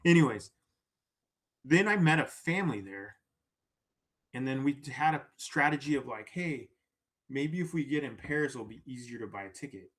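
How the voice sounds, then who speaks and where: This man, a podcast guest, has a mid-range voice and talks at normal speed with frequent pauses. His storytelling is casual and lively, with acted-out quotes and a habitual "right?".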